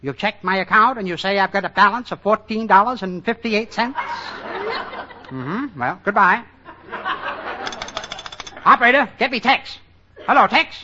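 A man's voice: high voice, very animated, unhurried, pauses often. A man playing a brash, self-important movie mogul who barks orders with comic bluster, in 1930s film comedy style. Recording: dull, hissy old film soundtrack.

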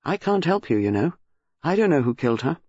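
Charming young tennis pro, offhand, lively and husky, read by a man. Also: a little high, fairly quick, no room sound, lo-fi sound. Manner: careless, offhand.

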